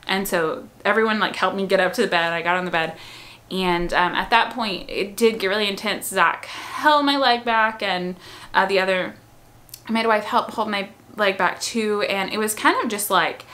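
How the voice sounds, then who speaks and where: A woman's voice: medium pitch, normal speed, sharp tone. A woman casually telling her own birth story to viewers, with a chatty, rambling delivery full of "um" and "like.". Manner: chatty, with frequent "um" and "like".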